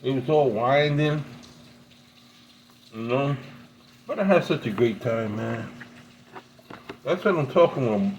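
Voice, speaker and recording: A man's voice: medium pitch, lively intonation, measured pace, long pauses, lo-fi sound, slight background noise. A man casually telling a long story, rambling, repeating words and laughing often. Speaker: pipe-smoking video host.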